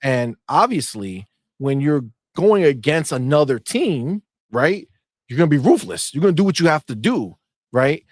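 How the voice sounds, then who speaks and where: A man with a lively, rather high voice co-hosts a casual gaming stream. He talks in slang, swings his pitch widely and mocks rival fans. The sound is dry and close. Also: normal speed, dry recording. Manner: animated, slangy, mocking, reads chat aloud. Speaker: podcast co-host.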